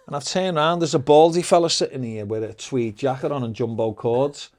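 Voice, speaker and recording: A middle-aged man, a podcast guest telling lively, profane anecdotes in casual storytelling. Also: medium pitch, normal speed. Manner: swears freely, lively anecdotes.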